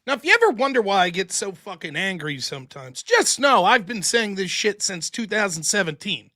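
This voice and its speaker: A male livestream host on an angry political rant, swearing often and asking question after question. His voice is high and bright. His pitch swings widely. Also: very animated, fairly quick. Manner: angry, profane, rhetorical questions.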